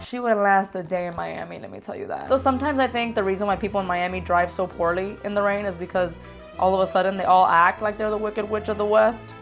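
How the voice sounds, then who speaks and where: A young woman vlogging a comedic countdown, playful and animated, tossing in Spanish words. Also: medium pitch, fast talker, gravelly, soft background music. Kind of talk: casual comedic countdown vlog. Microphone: lapel mic.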